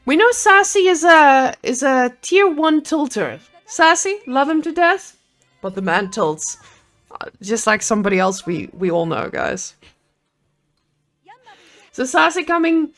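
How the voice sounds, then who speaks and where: A woman casts a live strategy game match in an excitable, joking way. Her voice sits on the high side and swoops widely. She talks into a handheld microphone. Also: measured pace, long pauses, faint music behind. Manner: playful, excitable, jokey. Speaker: esports caster.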